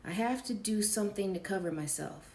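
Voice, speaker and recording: A woman's voice: mid-range voice, fairly quick, roomy sound, a little hiss or hum, lightly acted. A defensive, controlling man on the phone, read by a woman. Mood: guarded. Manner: pleading and defensive, flaring into shouting. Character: volatile controlling man on the phone, self-pitying.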